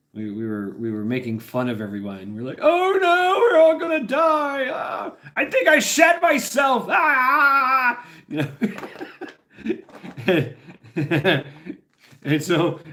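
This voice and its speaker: Speaking at a medium pitch, a middle-aged man addresses his livestream audience in a casual, unpolished way. He rambles from one thought to the next, laughing often and swearing freely.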